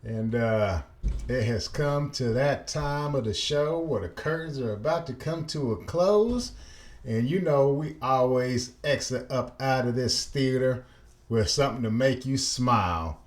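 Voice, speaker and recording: A man with a drawl talks slowly as he signs off his reaction show. His delivery is easygoing and folksy. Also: mid-range voice, animated. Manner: laid-back, folksy. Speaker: reaction video host. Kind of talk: casual reaction commentary.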